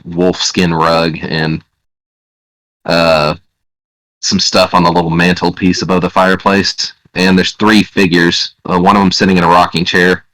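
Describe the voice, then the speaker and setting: A man narrating as game master for a tabletop game, describing scenes in a relaxed, halting way with many fillers. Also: deep voice, low-quality recording.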